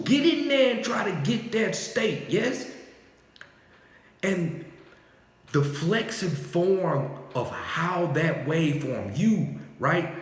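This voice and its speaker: A man's voice: high-pitched, takes it slowly. A man giving a free-flowing spiritual monologue, with loose slangy talk and repeated "yes?" and "right?" tags to his listener. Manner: soothing repeated "calm down". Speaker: spiritual speaker. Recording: very echoey room with long reverb.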